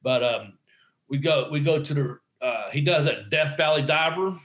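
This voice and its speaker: A man's voice: a little high, moderate pace, lo-fi sound. A middle-aged man, a guest in an interview, telling a rambling story with swearing and quoted dialogue. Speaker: guest, wrestler. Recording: roomy echo.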